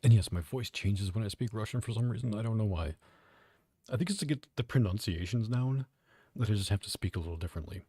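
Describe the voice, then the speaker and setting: Low, mellow-voiced man chatting on stream. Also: fast, slightly rough, dry recording. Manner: profane, offhand, self-mocking. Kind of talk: casual live-stream chat.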